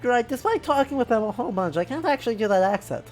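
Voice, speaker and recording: A woman's voice: fairly high pitch, lively intonation, fast, a little mellow. Woman streamer rambling through a game, keeps restarting her sentences, faint game music under her. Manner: chatty, rambling, self-correcting. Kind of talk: casual gaming stream commentary.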